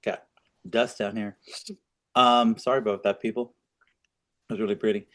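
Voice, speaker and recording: A man's voice: fairly low pitch, flat delivery, normal speed, a bit bright. A man co-hosting a political podcast, talking in a rambling, opinionated way with frequent restarts. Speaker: podcast co-host. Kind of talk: casual political chat.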